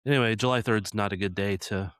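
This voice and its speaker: A man's voice: fairly low pitch, fairly even intonation, fast talker, a bit bright, clear, resonant tone, dry recording. An American man co-hosting a soccer podcast, talking in a dry, matter-of-fact way in casual chat. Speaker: podcast co-host.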